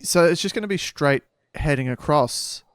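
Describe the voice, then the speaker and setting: A man's voice: on the high side, moderate pace, smooth, dry recording, clean studio sound. A man co-hosting a casual book podcast, rambling and joking with lots of fillers, with a slight head cold. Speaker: podcast co-host.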